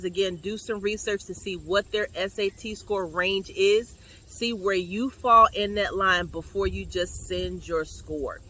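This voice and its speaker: A woman's voice: mid-range voice, bright, forceful tone, slight background noise. A woman who works as a school college counselor, giving advice in a direct, chatty, coaching way. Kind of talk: advice vlog.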